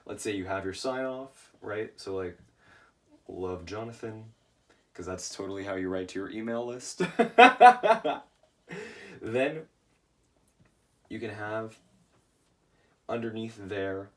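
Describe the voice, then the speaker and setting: Tired man, low voice, a bit off-mic. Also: measured pace, pauses often, far from the mic. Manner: casual, says "right?" often. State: tired, voice shot. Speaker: email marketing coach. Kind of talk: casual video lesson.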